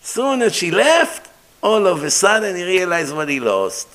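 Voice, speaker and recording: A middle-aged man giving a storytelling sermon as a rabbi, animated, acting out dialogue and mixing in Hebrew terms. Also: high voice, measured pace. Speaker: rabbi lecturer.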